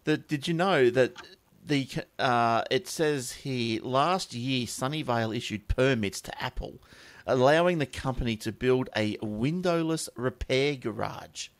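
A man hosting a casual chat show, rambling and lively. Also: mid-range voice. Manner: rambling, animated, quick asides. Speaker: podcast host.

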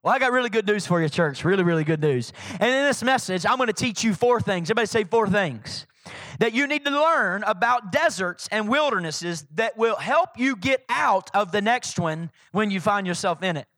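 A male pastor preaching with a high, bright, forceful voice. He is animated and emphatic, driving his points home by repeating them. The sound is close and dry. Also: normal speed, no echo. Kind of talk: sermon.

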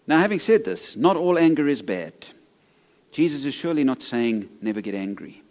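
A man's voice: on the high side, very animated, normal speed, darkish tone. A male pastor preaching a sermon in an empty church, conversational and laced with jokes and anecdotes.

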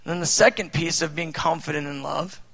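A man in his thirties preaches with lively energy. He asks rhetorical questions and breaks into loud emphasis. His voice is fairly high, gravelly and bright. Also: fairly quick, poor audio. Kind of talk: sermon.

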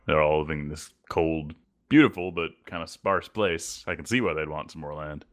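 A man playing a tabletop game, chatty and joking as he talks in character. His voice sits low. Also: moderate pace. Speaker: player. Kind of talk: casual in-character tabletop play.

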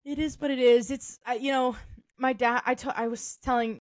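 A woman's voice: on the high side, steady tone, normal speed, no room sound. A young woman co-hosting a podcast in casual chat, loose and talkative, with lots of "like" and "um" fillers and frequent laughter. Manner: chatty, full of "like" and "um" fillers, laughs often. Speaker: podcast co-host.

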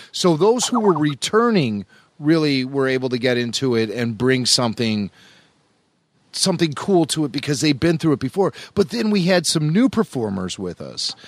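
A man's voice: medium pitch, no room sound. A man co-hosting a podcast, telling stories in a casual chat and laughing often. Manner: animated storytelling, laughs often.

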